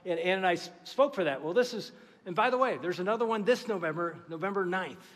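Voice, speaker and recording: A middle-aged man preaches from a church stage in a fairly high voice. He tells a story with energy and acts out what each person in it said, and his voice rings out through a large hall with long reverb. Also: fast talker. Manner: animated storytelling, acting out dialogue. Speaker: pastor. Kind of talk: sermon.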